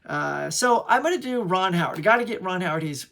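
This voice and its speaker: Excited guy rambling on about his picks, kinda higher voice, keeps restarting. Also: a little fast, gravelly. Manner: enthusiastic, rambling, self-interrupting. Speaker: movie collector vlogger. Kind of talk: casual chat to camera.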